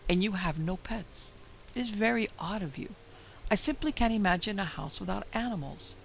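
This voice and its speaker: A woman's voice: mid-range voice, normal speed, vocal fry, a little hiss or hum, pitched above the performer's own voice, natural voice. A woman reading the part of a brusque, blunt young woman who scolds her friend impatiently, in a dull lo-fi recording. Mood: scolding.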